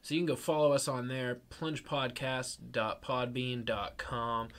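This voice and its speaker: Podcast cohost guy, laughs a lot, does the ad reads, bright crisp voice. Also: mid-range voice, flat delivery, moderate pace. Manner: laughs often, reads sponsor plugs. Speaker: podcast co-host. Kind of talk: casual podcast banter.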